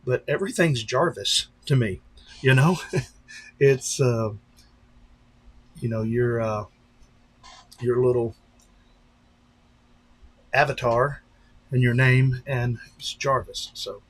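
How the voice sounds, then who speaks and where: A man with a husky, slightly breathy voice chats to his live-stream viewers. He is a pastor who talks loosely and rambles from one point to the next, greeting people as he goes. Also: mid-range voice, takes it slowly, long pauses. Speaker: pastor and drone-racing streamer. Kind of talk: casual live-stream chat.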